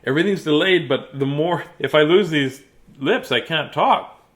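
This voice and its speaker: A man's voice: a little high, moderate pace, fairly bright tone. A man reading children's picture books aloud in a playful, silly way, laughing and chatting between pages. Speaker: children's book reader.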